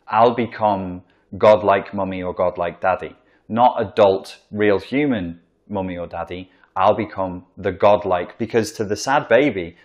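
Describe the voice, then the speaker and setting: A man's voice: low voice, unhurried. A man giving a casual, rambling talk that explains a psychological topic, with emphatic asides and acted-out examples. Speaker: commentator explaining narcissism.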